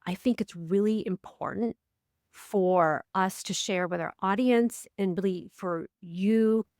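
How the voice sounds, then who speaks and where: A woman co-hosting a casual podcast, a life coach who tells stories with lively, acted-out quotes. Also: slow pace, no room sound, clean studio sound. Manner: animated storyteller, acts out quotes with big pitch swings.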